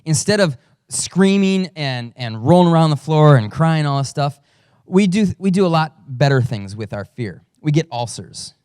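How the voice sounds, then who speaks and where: A man's voice: a little high, animated, normal speed, darkish tone, clear, resonant tone, dry recording, studio quality. A man who is a father, a pastor giving a conversational sermon with storytelling and self-deprecating humor. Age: adult father.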